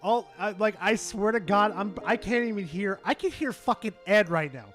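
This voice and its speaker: A young man streaming live, excitable and swearing, swinging from loud shouts to low mumbles. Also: moderate pace, faint music behind. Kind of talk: casual live-stream chat.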